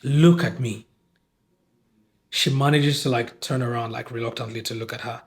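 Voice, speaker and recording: A man's voice: mid-range voice, fast talker. A man with a Nigerian accent hosting a podcast, giving a casual, exasperated film review and acting out lines from the film. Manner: animated, exasperated, acts out quoted lines.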